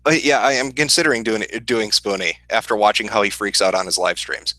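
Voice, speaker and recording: A man with a Midwestern accent, hosting a casual livestream and answering chat questions in a profane, deadpan, sardonic way. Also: on the low side, fairly quick, no room sound, low-quality recording. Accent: Midwestern American.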